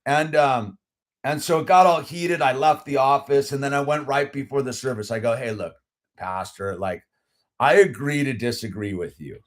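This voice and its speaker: A middle-aged man telling a story in casual chat, animated and heated, with lots of "dude" and "like" and many restarts. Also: mid-range voice, normal speed. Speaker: channel host.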